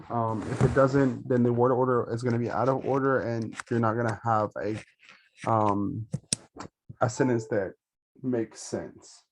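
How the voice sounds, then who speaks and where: A man's voice: medium pitch, slight background noise. Hesitant man teaching an online lesson. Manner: hesitant, many ums and self-corrections. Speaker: Spanish teacher.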